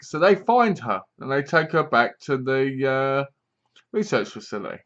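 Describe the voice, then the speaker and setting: A man's voice: medium pitch, expressive, normal speed, a bit bright, lo-fi sound. A man casually reviewing a movie, rambling along, leaning on "basically" and correcting himself as he goes. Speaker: film reviewer.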